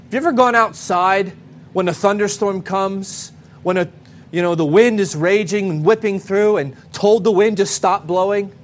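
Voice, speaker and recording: A man preaching a sermon to a congregation, speaking to the children as well, with emphatic pauses. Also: high voice, slight background noise. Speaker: pastor.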